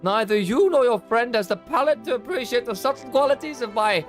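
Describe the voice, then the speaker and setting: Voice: mid-range voice, expressive, fairly quick, soft background music, voice pushed up, close to an everyday voice. A streamer voicing a haughty wine snob. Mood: disdainful. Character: haughty male winery owner, wine snob. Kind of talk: reading game dialogue aloud.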